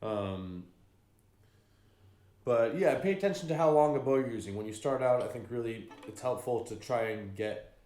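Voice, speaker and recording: A man teaching fiddle bowing in a relaxed, unhurried way, often pausing with ums and singing out rhythms. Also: medium pitch. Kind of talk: relaxed spoken music lesson. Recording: echoey room with fiddle playing.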